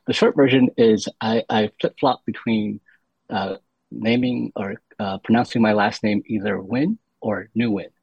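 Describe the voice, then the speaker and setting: He speaks slowly and steadily in a lowish, creaky, husky voice, with no room sound. As a guest on a podcast, this university senior fellow explains things patiently in casual interview talk, restarting many times over a dull lo-fi recording.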